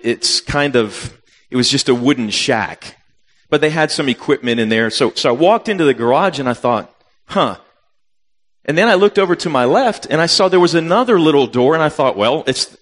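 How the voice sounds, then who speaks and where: Animated fifty-year-old preacher in a hall. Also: male voice, mid-range voice. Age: 50s. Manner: animated, acts out his own reactions with sudden loud jumps. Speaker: missionary preacher. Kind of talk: storytelling sermon. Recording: long reverb of a hall.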